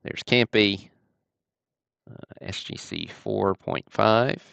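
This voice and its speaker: A man's voice: on the low side, slow, vocal fry, a bit bright, smooth, no echo, muffled recording. A man from Alabama, casually hosting a card-break livestream with easygoing, chatty commentary.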